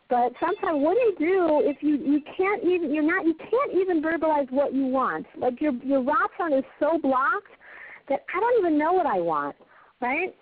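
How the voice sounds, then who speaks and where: A woman's voice: sits high, expressive, moderate pace. Earnest woman teaching over a phone line. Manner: earnest, emphatic, storytelling with passionate rises. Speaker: Torah teacher. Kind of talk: heartfelt Torah class given over a conference call.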